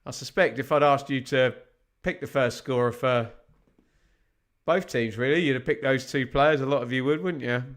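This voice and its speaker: A man with a mid-range, slightly bright voice and a moderate pace hosts a live football watch-along. He chats with viewers, reads out scores from other games, and throws rhetorical questions at the chat, giving live fan commentary.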